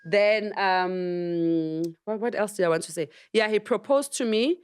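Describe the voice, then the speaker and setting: A woman's voice: mid-range voice, a little slow, darkish tone, clean tone. A South African woman, a podcast guest, telling a personal story in earnest, slipping between English and Sesotho. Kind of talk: casual podcast conversation. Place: podcast studio.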